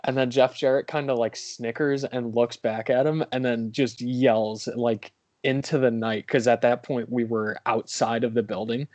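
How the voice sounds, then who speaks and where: A young man retells a story in casual chat, full of hedges and quick asides. His voice is mid-pitched and sounds dry, with no room around it. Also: steady tone, darkish tone, no echo.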